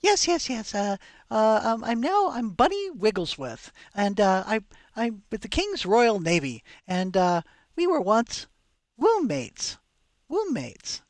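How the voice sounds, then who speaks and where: Powdered-wig English navy fop, high and fluttery, trips over his words, put on by a man. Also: very animated, slow pace, no echo, studio quality, heavily acted. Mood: flustered. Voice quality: stammering, fluttery. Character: foppish English naval officer, powdered wig.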